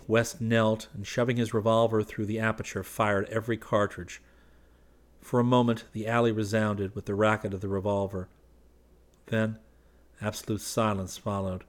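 Male audiobook narrator, lowish, measured delivery.

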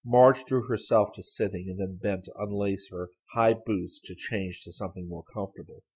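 A man reading a story aloud as an audiobook narrator, in a measured, even storytelling manner. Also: fairly low pitch, breathy edge. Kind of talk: scripted narration.

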